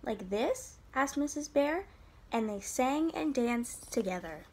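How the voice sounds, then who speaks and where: A woman teacher reading a picture book aloud to children, in an expressive, sing-song way. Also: sits high, measured pace, a little hiss or hum.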